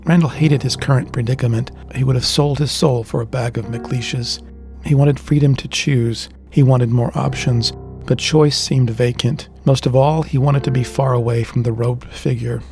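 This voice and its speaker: Man, audiobook narrator, scripted fantasy narration, steady deliberate reading, faint background music. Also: mid-range voice, vocal fry.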